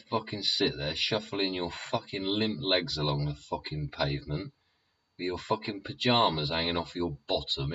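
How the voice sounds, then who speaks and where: Deep, slow, swearing man. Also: pushed and bright, slight background noise. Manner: rambling, profane, keeps tagging lines with "yeah?". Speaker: YouTube show host. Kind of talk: sweary ranting monologue. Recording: dull lo-fi recording.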